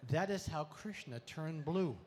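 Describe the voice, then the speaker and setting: A male comedian on stage, trading in puns with a playful, bouncy delivery. His voice sits a little high for a man and swells loud on punchlines. A faint room ambience hangs behind him. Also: animated, a little slow, a little hiss or hum. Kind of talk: stand-up comedy talk. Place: expo stage before a live audience.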